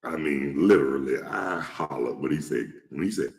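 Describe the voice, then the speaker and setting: A very deep-voiced, gravelly middle-aged man spins loose, profane anecdotes in a casual host monologue. His pitch rises and falls widely as he goes. He is recorded in an echoey room with a long, lingering reverb. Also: expressive, moderate pace. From Atlanta, Georgia. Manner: rambling, blunt, profane anecdotes. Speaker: show host.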